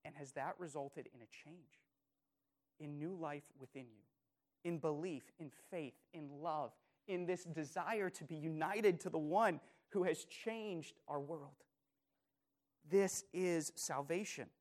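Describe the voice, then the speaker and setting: Slow and a little high-voiced, a pastor preaches with earnest emphasis. He asks his audience questions again and again, with moments where he softens to quiet phrases.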